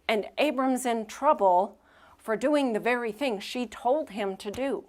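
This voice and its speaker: A woman's voice: on the high side, unhurried. A woman pastor preaching a sermon in a church, in a casual, conversational way, acting out the people in the story as she tells it. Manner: conversational, animated retelling with acted-out quotes. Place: church sanctuary.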